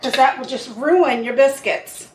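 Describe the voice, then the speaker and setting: A woman co-hosting a podcast while baking in her home kitchen, chatty and quick to react. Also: high-pitched. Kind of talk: casual chat while baking. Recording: echoey kitchen, faint noise.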